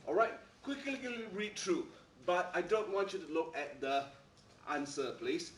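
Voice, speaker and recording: A man's voice: a little high, animated, measured pace, slight background noise. A man teaching a maths class, speaking emphatically and checking in with "all right?" again and again. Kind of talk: classroom lecture. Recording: echoey room, mic far off.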